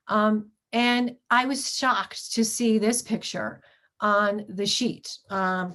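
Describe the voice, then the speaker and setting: A middle-aged woman, a history professor, giving a lecture with slides, pausing often on ums and restarting her sentences. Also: mid-range voice. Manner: halting, frequent ums and restarts.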